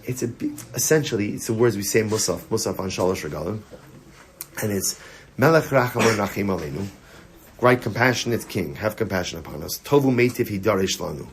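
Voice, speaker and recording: A man, a rabbi, giving a Torah class to students, repeating his key lines and swinging between raised emphasis and quiet, low storytelling. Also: brisk, slight background noise. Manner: animated teaching, repeating key lines, rising for emphasis, dropping low for stories; sings short snatches of a melody.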